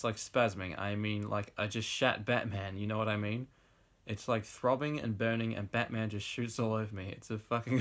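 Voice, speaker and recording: A low-pitched young man gives a comic reading of trashy fiction. He laughs his way through the lines and drops into relaxed, offhand remarks between excerpts. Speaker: host reading fan fiction aloud. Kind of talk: comic dramatic reading with asides.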